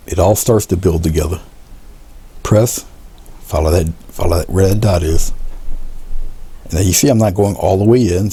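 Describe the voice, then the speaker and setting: A man teaching a painting demonstration, talking relaxed as he paints, repeating short coaching phrases and often trailing off into a murmur. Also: sits low, breathy edge. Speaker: art instructor.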